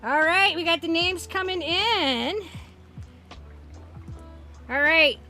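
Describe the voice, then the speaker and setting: A woman streamer with a high, bright voice talks casually to her chat. She is bubbly and excitable. Faint game music plays behind her. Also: takes it slowly. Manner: bubbly, excitable, cheering and laughing.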